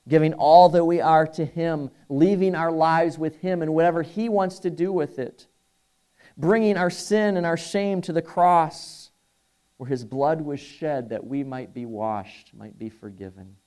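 A man's voice: fairly high pitch, a little slow, warm tone, smooth. A man preaching a sermon as pastor, earnest, building emphasis on key phrases.

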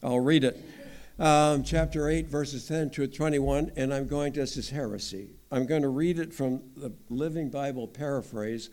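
A man's voice: medium pitch, normal speed, darkish tone. A man teaching the Bible as a layman, talking in a conversational way with wry asides. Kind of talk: informal Bible teaching talk.

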